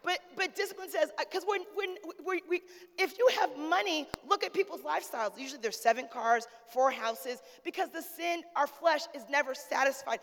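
A woman's voice: high-pitched, brisk, gravelly, fairly bright tone. A woman pastor preaching a sermon in a conversational, humorous way, calling out to the congregation. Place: church sanctuary. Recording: long church reverb.

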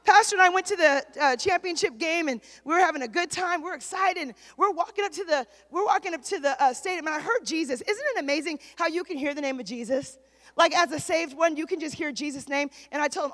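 A woman pastor preaching a sermon in a church, building to shouted, repeated declarations. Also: very high-pitched, expressive, brisk. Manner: preaching with rising shouts and repetition. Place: church sanctuary. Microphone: handheld microphone. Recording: long hall reverb.

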